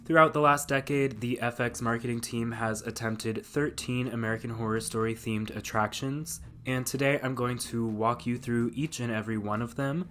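A man's voice: medium pitch, fairly even intonation, normal speed, hardly any pauses, fairly bright tone. A man narrating a scripted video essay, with dry sarcastic asides.

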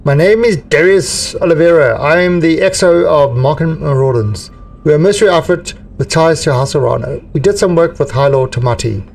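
Man reading a steady merc XO, reassuring briefing tone, mic a bit distant. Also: a little high, moderate pace, gravelly. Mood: calm. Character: steady male mercenary executive officer.

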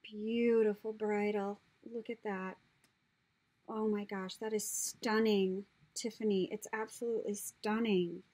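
A woman's voice: mid-range voice, little pitch movement, a little slow, warm tone, poor audio. A woman gushing over craft supplies she received in the mail, gasping and often dropping into a whisper as she talks. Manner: gushing, breathy gasps, drops into whispers. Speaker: crafter opening happy mail. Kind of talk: casual unboxing chat.

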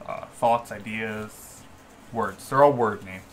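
A man narrating as game master at a live tabletop session, describing scenes in a relaxed, improvised way. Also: on the low side, takes it slowly, a crowd in the background. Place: home gaming session streamed live.

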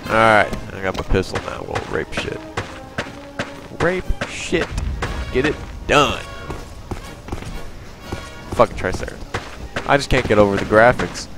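Excitable young man swearing at a game. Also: lowish voice, unhurried, long pauses. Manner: excitable, profane, yelling outbursts. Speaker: gamer. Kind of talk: let's play commentary. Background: game music and gunfire.

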